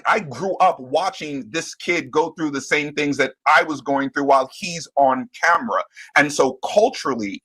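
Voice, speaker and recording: A man speaking earnestly as a guest on a panel discussion, reflective and halting at times. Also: mid-range voice, a bit bright, slightly rough.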